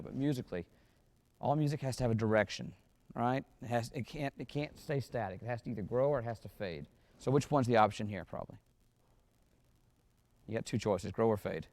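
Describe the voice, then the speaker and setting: A man's voice: on the low side, darkish tone. A man coaching a wind band in rehearsal in a concert hall, giving encouraging instructions and singing phrases in scat syllables to show how they should go. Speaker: band clinician.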